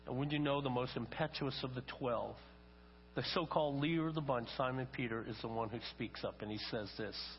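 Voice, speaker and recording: Older preacher in an echoing hall. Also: male voice, mid-range voice, fairly quick. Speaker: pastor. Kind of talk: sermon. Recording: long reverb, dull lo-fi sound, faint mains hum.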